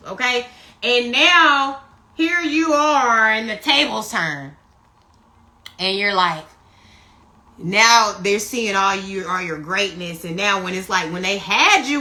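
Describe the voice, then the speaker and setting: High bright-voiced woman giving a reading. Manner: animated, profane, keeps asking "you see what I'm saying". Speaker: tarot reader. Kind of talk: casual live-stream spiritual reading. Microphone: phone.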